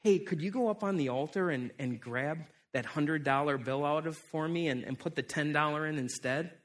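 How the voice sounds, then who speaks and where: A man voicing an annoyed male churchgoer, quick to anger, in a sermon story. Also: a little high, close to an everyday voice. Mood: pleading. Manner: indignant, pleading.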